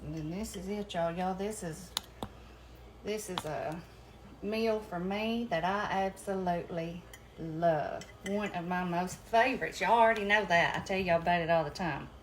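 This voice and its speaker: A woman's voice: on the low side, moderate pace, a little hiss or hum. A woman chatting folksily with viewers as she cooks at home, calling them y'all. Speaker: home cooking vlogger. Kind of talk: casual chat while cooking. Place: home kitchen.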